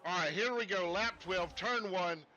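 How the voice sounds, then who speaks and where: A man's voice: high-pitched, measured pace, pushed and bright, dull audio, slight background noise. A man doing live sim racing commentary in a put-on Southern US accent, rambling and folksy with jokey asides, speaking from a desk streaming setup. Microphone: streaming setup at a desk with screens.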